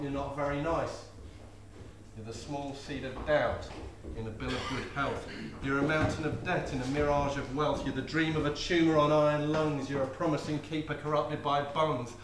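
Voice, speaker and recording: A man's voice: fairly high pitch, fairly even intonation, normal speed, recorded from a distance, noisy background. A man, performing comic poetry live with a rhythmic, playful delivery. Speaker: poet. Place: live venue before an audience. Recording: echoey room with faint ambience.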